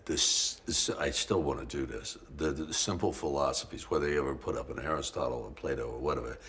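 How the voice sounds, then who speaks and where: An older man, an actor, telling stories in a lively, casual conversation, swearing freely. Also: very deep voice, fairly quick. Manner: animated storyteller, swears freely.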